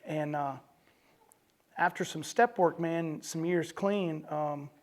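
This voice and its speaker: A man's voice: a little high, slow pace. A man telling his recovery testimony to a meeting room audience in a loose, conversational way. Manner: conversational, peppered with "you know" and "man". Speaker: recovery speaker.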